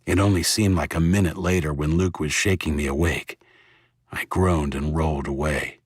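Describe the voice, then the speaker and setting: Deep husky male audiobook narrator. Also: fairly even intonation, normal speed, dry recording, clean studio sound. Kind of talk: first-person audiobook narration.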